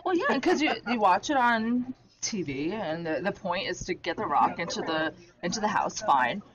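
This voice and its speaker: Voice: mid-range voice, very animated, moderate pace, dull audio. A co-host at a curling club, talking casually and laughing often about learning the sport. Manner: laughs often, upbeat, chatty. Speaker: co-host and new curler. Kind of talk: casual live commentary. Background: loud crowd chatter.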